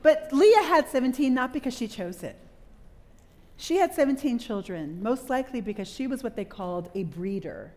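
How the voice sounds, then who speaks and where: A middle-aged woman preaching a sermon to a live audience, telling a story with animated delivery and quizzing the listeners. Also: fairly high pitch, moderate pace. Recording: long hall reverb.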